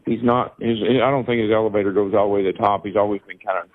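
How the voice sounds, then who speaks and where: A man in his seventies with a Kentucky accent, a retired racing driver telling stories in an interview, folksy and animated, acting out what people said. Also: fairly low pitch, fast. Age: 70s. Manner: folksy, animated storyteller who acts out quotes. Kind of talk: storytelling interview. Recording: tinny phone-line recording.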